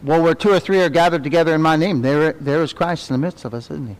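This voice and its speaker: Leading a Sunday school class in a church, a middle-aged man teaches the Bible conversationally at a fast pace. His voice sits a little high and he's animated, throwing tag questions at the class, then sinking to a soft, low murmur on reverent words.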